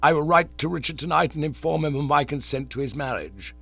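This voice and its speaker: A man reading an audiobook, voicing an elderly, sentimental lord who speaks in a low, measured and solemn way. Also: animated, vocal fry, slightly rough, muffled recording, exaggerated voice. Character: elderly pompous lord, sentimental, slow and grave. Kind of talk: audiobook character voice.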